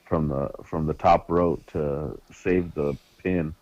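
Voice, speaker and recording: Man, very low voice, blunt and profane, dry lo-fi recording. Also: fairly even intonation, takes it slowly, a little mellow, no room sound. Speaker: podcast co-host. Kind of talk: casual wrestling review chat. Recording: dry, dull lo-fi mic.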